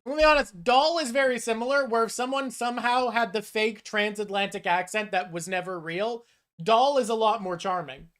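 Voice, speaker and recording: A woman's voice: a little high, a little fast. Chatty, opinionated woman streamer. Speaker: streamer host. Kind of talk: casual chat ranking topics.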